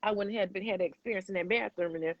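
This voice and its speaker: A woman's voice: medium pitch, rapid-fire, dry recording, lo-fi sound. A woman hosting a podcast, talking candidly and emphatically, swearing freely and calling the listener baby. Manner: addresses listener as baby and boo. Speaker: podcast host.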